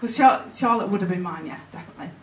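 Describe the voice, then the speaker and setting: Speaking to a conference audience, a woman sounds emotional and talkative, with halting restarts throughout. Her mid-range voice is expressive. Crowd noise and faint room ambience come through on a distant mic in the roomy hall.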